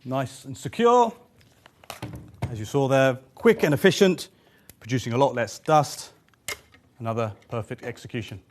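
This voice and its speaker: Lively upbeat male tool demonstrator. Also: medium pitch, moderate pace, long pauses, noisy background. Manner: upbeat, explanatory presenter. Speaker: product demonstrator.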